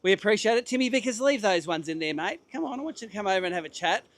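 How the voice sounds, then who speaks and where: A man's voice: high-pitched, expressive, very fast, a bit bright, dry recording. An Australian man hosting a fishing tournament weigh-in outdoors, chatting upbeat with anglers and calling out weights. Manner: chatty, upbeat, says mate constantly. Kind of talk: live emcee banter and interviews. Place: outdoor weigh-in stage at a sailing club.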